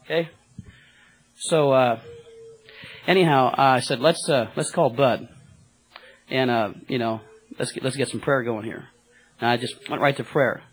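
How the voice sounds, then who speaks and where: Husky-voiced male cab driver, rambling church testimony, excited, filler-heavy. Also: mid-range voice, low-quality recording.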